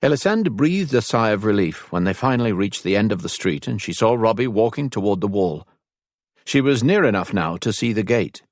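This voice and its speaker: Low-voiced male audiobook narrator, dry sound. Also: big pitch swings, fairly quick, dry recording. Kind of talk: scripted narration.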